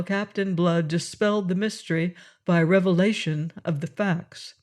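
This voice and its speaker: A man narrating a classic adventure novel in a measured, expressive storytelling manner. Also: high voice. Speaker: audiobook narrator. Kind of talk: audiobook reading of a classic novel.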